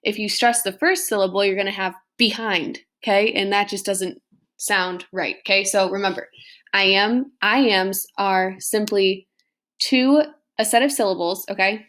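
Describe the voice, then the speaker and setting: Young woman teacher talking over her screen, patient, keeps asking okay?, mid-pitched voice. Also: fairly even intonation, normal speed, fairly bright tone. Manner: patient, repeats "okay?" after each point. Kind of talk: screen-recorded class lesson.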